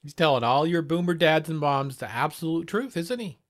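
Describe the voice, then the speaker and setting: Male streamer, slightly high pitch, angry and sarcastic, heavy swearing. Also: expressive, normal speed. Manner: heated, sarcastic, swears constantly. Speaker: livestream host reacting to a clip. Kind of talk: profane reaction commentary.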